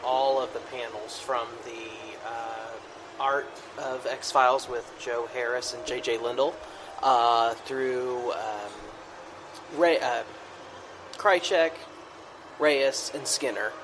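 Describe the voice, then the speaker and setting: A man as a roundtable guest, giving a plain, relaxed recap with hesitations. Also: mid-range voice, slow, background noise. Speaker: podcast guest. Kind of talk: casual roundtable chat.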